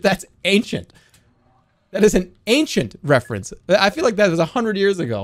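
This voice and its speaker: A man's voice: fairly high pitch, big pitch swings, normal speed. Joking, sarcastic male streamer. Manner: sarcastic, joking, talks straight to the chat. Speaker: livestreamer. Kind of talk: casual livestream chat.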